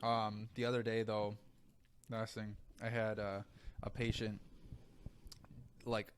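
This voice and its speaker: A man's voice: lowish voice, completely flat delivery, takes it slowly, slight background noise. Young guy w sore throat on a podcast, joking around, cusses a lot. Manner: profane, joking storyteller. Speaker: podcast co-host, physician. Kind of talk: casual podcast chat.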